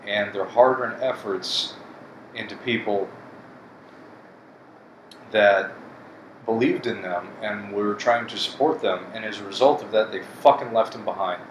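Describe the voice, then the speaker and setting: A man's voice: fairly low pitch, unhurried, long pauses. A man talking to his channel in a blunt, profane, bitter rant about betrayal and hopelessness. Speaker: vlogger. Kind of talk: casual monologue to camera. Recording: echoey room with air conditioning hum.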